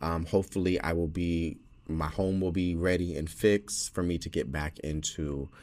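A man's voice: deep voice, fairly even intonation, moderate pace, darkish tone. A man hosting his own podcast, talking casually and rambling with lots of fillers and laughs. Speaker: podcast host.

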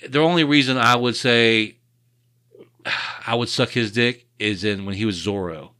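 A man's voice: medium pitch, measured pace, bright, forceful tone, dry recording. A man co-hosting a podcast, trading crude jokes in rambling casual banter.

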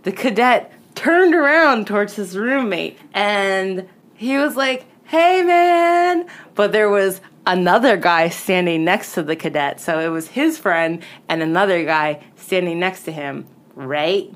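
A woman's voice: on the low side, unhurried. A woman casually telling ghost stories on a podcast, chatty and full of "like", acting out what people said. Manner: chatty, lots of "like", acts out quoted lines. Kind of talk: casual storytelling chat.

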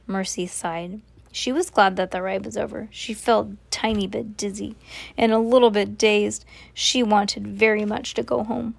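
A woman reading a children's storybook aloud at bedtime, gentle and lightly playful. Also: medium pitch, steady tone, moderate pace, gravelly, no room sound.

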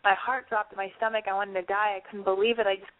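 A woman's voice: medium pitch, level tone, fast talker, no room sound, narrow, tinny audio. A woman hosting a call-in advice show, gushing, emotional and reassuring as she talks with callers. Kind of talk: casual call-in advice chat.

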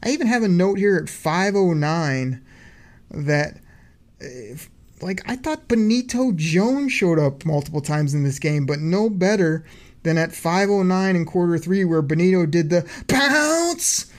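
A man's voice: high voice, lively intonation, measured pace. Upbeat man recapping football plays. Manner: hyped play-by-play recapping from notes. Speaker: podcast host. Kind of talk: casual sports podcast chat.

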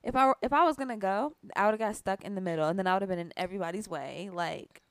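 A woman co-hosting a podcast, telling her own story in an emphatic, expressive way during casual chat. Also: medium pitch, quick pace. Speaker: podcast co-host.

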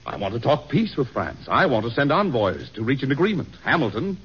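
A man's voice: mid-range voice, very animated, a little fast, a bit bright, breathy edge, exaggerated voice. A man playing a doubtful, weary president in a vintage radio drama. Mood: troubled. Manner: brooding, doubtful. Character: troubled, weary president, middle-aged. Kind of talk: 1940s radio acting. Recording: dull old radio recording.

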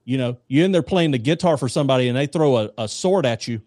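A man in casual faith discussion, telling jokes and stories in an animated way, with voices. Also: mid-range voice, quick pace, no echo.

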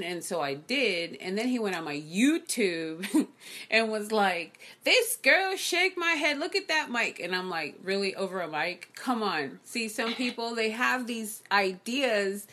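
Lively woman host telling stories. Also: medium pitch. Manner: animated storyteller who acts out quoted people. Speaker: show host. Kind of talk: casual chat. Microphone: condenser mic.

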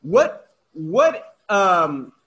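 A man from Oakland hosting a casual interview, talkative and animated, often restarting his sentences. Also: high voice, extremely slow. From Oakland, California. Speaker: podcast host.

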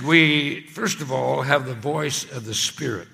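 A man preaching a sermon in a church, with emphatic, swelling phrases and a steady, conversational delivery between the peaks. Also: medium pitch, measured pace, vocal fry. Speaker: pastor. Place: church sanctuary. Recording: long hall reverb.

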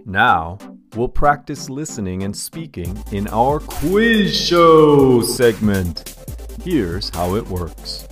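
A man hosting a scripted language lesson podcast, speaking in a calm, deliberate and clearly enunciated way. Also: medium pitch, soft background music.

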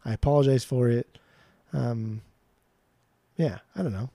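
A man co-hosting a casual music podcast, ranting and swearing freely in an animated way. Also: medium pitch, unhurried, vocal fry, long pauses, no echo, clean studio sound. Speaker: podcast co-host.

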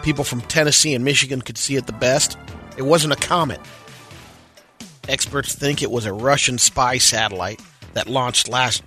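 A man co-hosting a radio show who reads out trivia and news items in a steady tone. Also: mid-range voice, normal speed, faint music behind. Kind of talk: casual radio chat.

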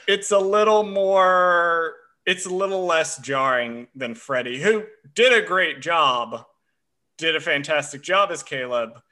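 Male podcast co-host, slightly high and bright, chatty and enthusiastic. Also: unhurried. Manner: chatty, self-described history nerd, frequent uh fillers. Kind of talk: casual chat.

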